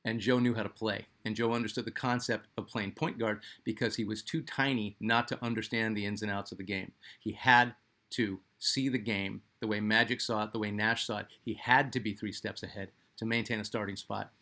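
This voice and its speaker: His voice sits fairly low, with fairly even intonation and a fairly quick pace, and the tone comes across bright and forceful. He's a middle-aged man from Phoenix, Arizona, US, hosting a sports channel and rambling casually through a personal story with lots of fillers.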